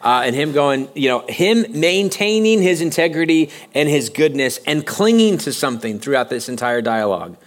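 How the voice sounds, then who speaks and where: A man's voice: fairly high pitch, animated. A man preaching a sermon as pastor, talking conversationally and often stopping to restart his sentences. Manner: conversational, halting with frequent restarts. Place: church sanctuary.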